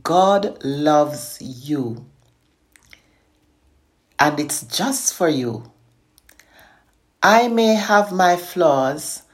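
Slow, earnest woman reciting a devotional poem. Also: low-pitched, animated. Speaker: poet and inspirational speaker.

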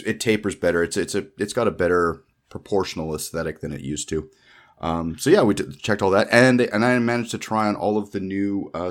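A man with a very low voice talks in a loose, rambling way. He circles back, restarts his sentences and fills gaps with um and uh. It sounds like an easygoing chat between co-hosts. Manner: rambling, full of fillers and restarts. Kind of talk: casual chat.

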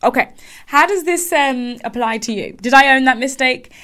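A woman's voice: high voice, moderate pace. A young adult woman coaching listeners on careers, telling a personal story with emphatic repetition. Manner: animated storytelling, frequent restarts and emphatic repetition. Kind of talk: advice monologue with personal story.

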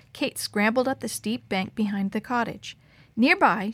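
A woman reads a story aloud with expressive, dramatic narration. Her voice sits at a middle pitch. The recording is dry and close, with no room echo.

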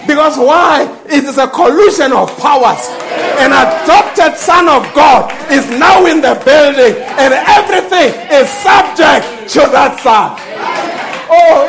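Male preacher, very high voice, shouting fervently, faint congregation behind. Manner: fervent, breaks into shouts and laughing exclamations. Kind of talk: sermon with call and response.

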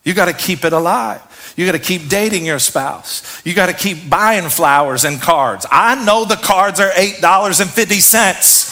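A middle-aged man preaches with fire, his bright, forceful voice climbing to shouted peaks. He calls out to the congregation for answers, and his speaking voice sits a little high for a man. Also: normal speed, hardly any pauses, a little hiss or hum. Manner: fiery, preaching with shouted peaks and call-and-response. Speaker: pastor. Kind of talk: sermon.

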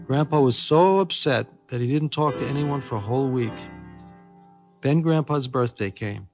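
An older man reading his own children's book aloud, with expressive storytelling. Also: medium pitch, normal speed. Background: music.

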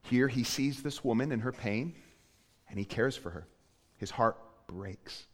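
A male pastor giving a sermon, moving between hushed, quiet passages and loud, emphatic preaching. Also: mid-range voice, moderate pace, big-room sound. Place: church.

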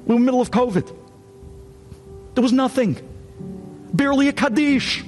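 Man, rabbi, high-pitched voice, animated dramatic sermon storytelling, faint music behind. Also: normal speed.

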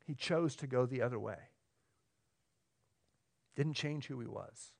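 A pastor preaching a sermon, swinging between emphatic, raised lines and quiet, low ones, often checking in with the congregation. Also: male voice, a little slow, vocal fry. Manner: asks the room questions, conversational.

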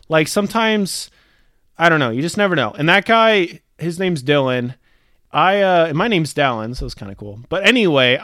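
A young man with a slightly high voice shares a personal story in a loose, animated way, dropping casual fillers as he goes. His voice sounds close and dry, with no room around it. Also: no room sound. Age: young adult. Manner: chatty and animated, full of "like" fillers.

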